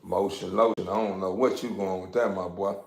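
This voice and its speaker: A man's voice: low voice, steady tone, brisk, creaky, echoey room. Rambling man on a phone livestream. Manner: rambling, repetitive, laughing, addressing viewers. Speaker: dog breeder livestreaming. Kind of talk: casual livestream chat.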